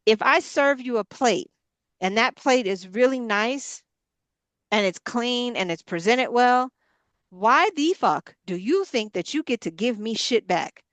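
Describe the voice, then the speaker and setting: A woman's voice: fairly high pitch, expressive, measured pace, dry recording. A woman who leads a ministry and coaches women, giving a preaching-style motivational talk. She speaks emphatically and builds her points in punchy, repeated parallel lines. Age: adult mother of grown girls.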